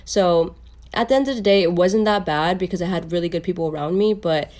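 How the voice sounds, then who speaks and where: A woman's voice: on the low side, a little fast, darkish tone. A young adult woman telling a personal story in a casual, candid way, swearing freely and quoting people as she goes. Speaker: storytime creator.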